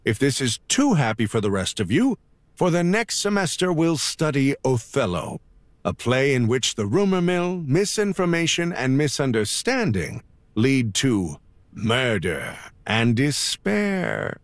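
A man's voice: medium pitch, big pitch swings, a little slow, no echo. A man playing a quirky English teacher, theatrical and playful in an audio drama.

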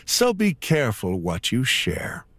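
A man's voice: mid-range voice, wildly swooping pitch, measured pace, fairly bright tone, no echo, heavily acted. A man playing a quirky English teacher, theatrical and playful in an audio drama.

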